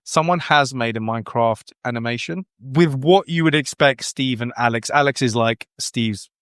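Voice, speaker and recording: British male podcast host, chatty, dry close mic, mid pitch. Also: normal speed, fairly bright tone, clear, resonant tone, no room sound. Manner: chatty, reels off facts and figures. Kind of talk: casual podcast chat.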